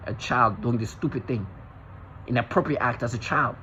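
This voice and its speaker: A man's voice: mid-range voice, lively intonation, quick pace, pushed and bright, dull audio, a little hiss or hum. A man vlogging in an agitated, intense monologue, often restarting and repeating himself. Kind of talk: rambling monologue to camera.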